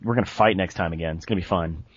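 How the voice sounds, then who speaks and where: Low-voiced laid-back man, lo-fi sound. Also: very fast, husky. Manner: laid-back, stumbles over his words. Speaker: host. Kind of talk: casual chat. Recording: dull lo-fi recording.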